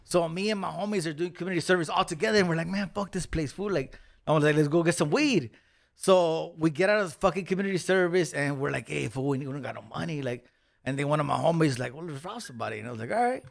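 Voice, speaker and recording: A man tells a story in relaxed, slang-heavy talk, full of swearing. His voice sits a little high for a man and has a gravelly, fry-laced edge. When he acts out the other people in the story, he gets animated. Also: quick pace. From Los Angeles County. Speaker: podcast guest. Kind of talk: casual storytelling.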